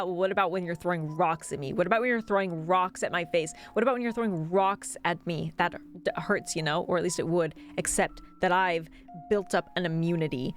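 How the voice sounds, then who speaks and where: A woman streamer giving playful, giggly let's play commentary with jokey asides. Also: on the low side. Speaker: game streamer.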